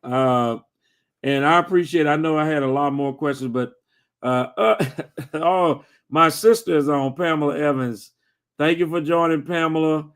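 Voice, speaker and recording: A man hosting a live video chat, reading out viewer questions and greeting viewers by name in a halting, friendly way. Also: a little high, smooth. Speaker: host. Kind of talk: casual livestream chat.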